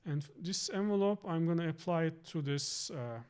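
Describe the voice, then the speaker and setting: A man presenting a software synthesizer tutorial, thinking aloud with fillers and quick self-corrections. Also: a little high, clear, resonant tone. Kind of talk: screen-recorded software tutorial. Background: synth tones playing under the voice.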